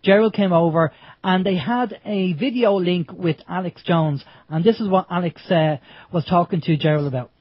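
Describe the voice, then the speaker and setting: Husky radio host, high voice. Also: male voice, normal speed, no room sound, highs cut off. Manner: rambling, emphatic, restarts often. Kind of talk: casual radio chat.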